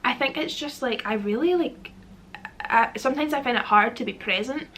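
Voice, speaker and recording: A woman's voice: on the high side, moderate pace, a bit bright, a little hiss or hum. A young Scottish woman in her twenties, chatting to camera in a rambling, self-deprecating Q&A vlog. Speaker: vlogger. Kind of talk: casual Q&A chat to camera.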